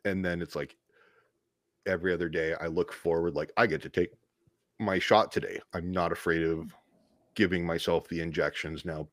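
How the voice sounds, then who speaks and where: A man's voice: low voice, steady tone, moderate pace, no echo, studio quality. A man talking as a podcast guest, telling stories in a rambling, self-deprecating way with frequent restarts. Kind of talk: casual interview storytelling.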